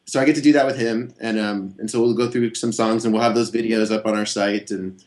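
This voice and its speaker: A man being interviewed as a guest guitarist, talking in a relaxed, rambling way with many fillers and restarts. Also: on the low side, a little fast. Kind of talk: casual interview chat.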